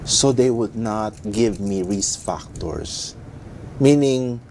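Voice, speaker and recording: Man, 50s, Filipino accent, urologist guest, low voice, slow halting speech. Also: lively intonation, a little mellow, a little hiss or hum. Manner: halting explanations with restarts. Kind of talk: explaining on a health talk show.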